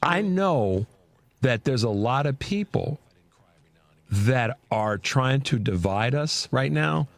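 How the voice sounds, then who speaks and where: A man's voice: mid-range voice, takes it slowly, vocal fry, no echo. A man hosting a radio talk show, speaking emphatically in casual chat with frequent restarts. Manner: animated, emphatic, with repeated restarts.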